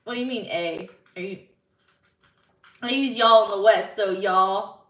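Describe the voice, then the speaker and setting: A woman's voice: medium pitch, unhurried, a bit bright, far from the mic. A woman live streamer in casual chat, bubbly and giggly as she reads viewer messages aloud. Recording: roomy sound, slightly off-mic.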